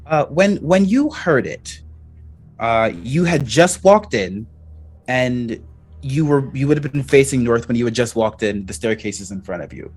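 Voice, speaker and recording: A man running a tabletop game as game master, describing scenes in halting bits. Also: medium pitch, lively intonation, a little mellow.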